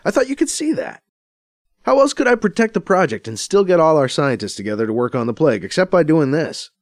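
A man's voice: fairly high pitch, big pitch swings, a little fast, no room sound, voice pushed up. A man plays a reluctant man newly put in charge who talks in an earnest, fumbling way. His voice rises and falls a great deal. The recording is dry and close. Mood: insistent.

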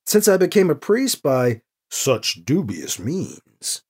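Narrator as a wry, self-deprecating male priest, husky, close to an everyday voice. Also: medium pitch, sing-song, normal speed.

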